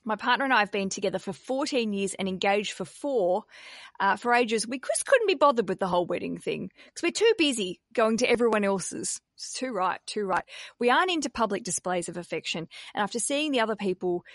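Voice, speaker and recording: A woman's voice: medium pitch, no room sound, clean studio sound. Chatty woman hosting a podcast. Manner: chatty, laughs often, swears casually. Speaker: podcast host. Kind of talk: casual podcast chat.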